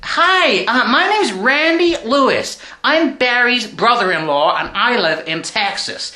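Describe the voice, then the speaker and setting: A man's voice: very high-pitched, expressive, unhurried, sharp tone. A man from England hamming up a put-on Texan drawl while cooking in a home kitchen, goofy and full of yeehaws. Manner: hammy fake cowboy persona, goofy asides, frequent yeehaws. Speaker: guest cook. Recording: roomy echoey kitchen.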